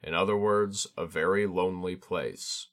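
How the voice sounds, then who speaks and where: A man reading a scripted story aloud as narrator, with even, measured storytelling. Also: low-pitched.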